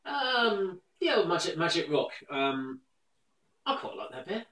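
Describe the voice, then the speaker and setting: A man's voice: sits high, sing-song, a little slow, fairly bright tone, reverberant, poor audio. A man co-hosting a casual beer review. He makes dry, wry jokes and uses plenty of fillers. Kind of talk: casual chat.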